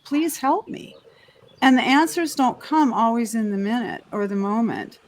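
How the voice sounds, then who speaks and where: A woman's voice: on the high side, normal speed, slight background noise. A woman sharing her personal story on a panel over a video call, rambling and heartfelt, with frequent restarts.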